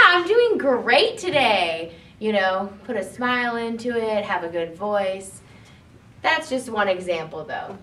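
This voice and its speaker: A young woman giving a classroom presentation, demonstrating by swinging between upbeat and deliberately somber delivery. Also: mid-range voice, a bit bright, slight background noise. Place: classroom with a blackboard. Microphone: far camera. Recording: echoey classroom from far off.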